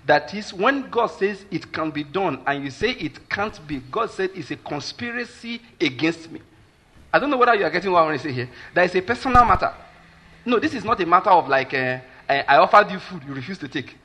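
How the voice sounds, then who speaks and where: A man's voice: high voice, animated, a little fast, pushed and bright. A man with a Nigerian accent preaching a sermon as a pastor, emphatic and repeatedly checking that listeners follow his point, with Pidgin asides.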